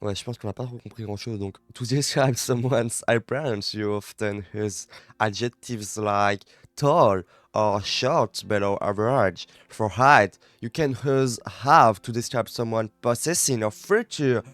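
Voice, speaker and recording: On a study live stream, a Frenchman reads English lessons aloud in his French accent, stopping to repeat words while he works on pronunciation. French is his native language. His pitch is fairly low and a bit bright, and the audio has no echo.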